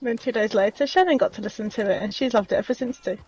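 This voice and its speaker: A woman's voice: on the high side, fast, lo-fi sound, crowd noise. A young woman chatting with a friend over a game call, teasing and giggling as she tells stories. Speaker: co-player on call. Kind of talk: casual chat while gaming. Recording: faint game noise behind.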